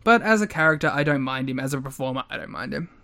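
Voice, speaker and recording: A man co-hosting a podcast, teasing his partner with deadpan lines and frequent laughter. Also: mid-range voice, fast talker, creaky. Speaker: podcast co-host. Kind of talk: casual podcast banter.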